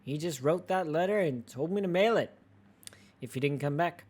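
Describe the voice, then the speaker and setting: A streamer putting on a soft young shopkeeper. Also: mid-range voice, normal speed, close to an everyday voice. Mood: friendly. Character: young woman shopkeeper, friendly and earnest.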